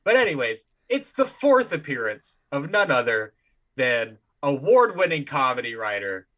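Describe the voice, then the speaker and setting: A man's voice: medium pitch, very animated, moderate pace, fairly bright tone. A man co-hosting a casual comedy podcast, laid-back with dry wisecracks. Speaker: podcast co-host.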